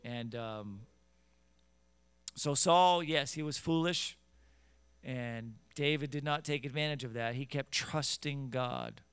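A man preaching a sermon who reads scripture in old-fashioned wording, scolds his listeners directly and builds from quiet teaching to loud, fervent exhortation. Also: medium pitch, slow, smooth, dry recording.

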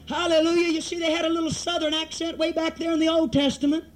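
A man's voice: very high-pitched, level tone, fast talker. A man preaching a revival sermon, telling a story dramatically and building up to fervent exhortation.

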